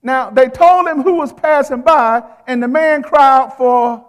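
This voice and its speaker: A man's voice: very high-pitched, unhurried, hardly any pauses, long reverb tail. A male preacher delivering a sermon in a rhythmic, repeating style. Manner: rhythmic, repeats phrases, calls to the congregation.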